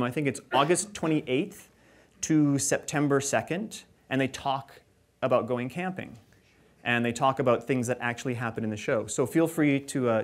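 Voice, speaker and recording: Rambling, laughing male playwright. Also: mid-range voice. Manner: rambling, laughs often, many filler words. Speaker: playwright guest. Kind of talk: casual interview chat.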